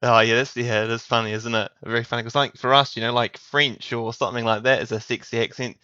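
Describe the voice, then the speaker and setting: A man's voice: mid-range voice, little pitch movement, fast, bright, forceful tone, clear, resonant tone, no room sound. A man in his thirties with a New Zealand accent, a guest chatting in a friendly way and laughing easily. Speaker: podcast guest. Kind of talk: casual interview chat. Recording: dull, dry lo-fi sound.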